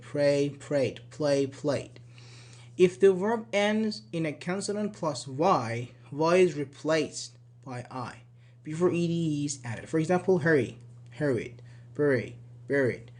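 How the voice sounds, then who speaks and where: A man's voice: fairly high pitch, darkish tone. A man teaching English spelling rules from slides, with Persian as his first language, repeating word pairs and checking in with "okay" and "uh-huh". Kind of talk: slide-based grammar lesson.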